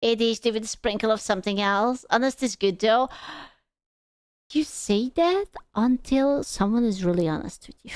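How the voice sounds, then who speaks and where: Brief: streamer woman, crisp and dry, crude teasing banter. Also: on the high side, moderate pace, darkish tone, no room sound. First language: Hungarian. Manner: crude, teasing, swears freely. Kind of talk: casual stream chat.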